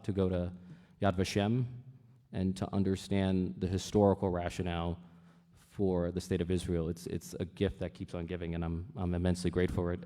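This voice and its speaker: A man who is a city council member giving an earnest, measured speech at a teach-in. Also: low voice, a little mellow. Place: event hall. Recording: reverberant hall.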